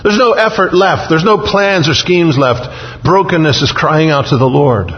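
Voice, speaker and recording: A man preaching a sermon in an earnest, repetitive cadence, stressing his key phrases slowly. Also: a little high. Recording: dull, muffled audio with long reverb.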